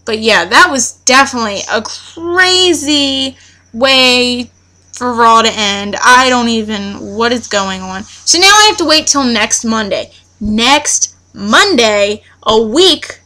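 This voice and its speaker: Bright, high-voiced excitable young woman. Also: unhurried. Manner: excitable, chatty, animated. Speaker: wrestling fan vlogger. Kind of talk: casual ranting recap.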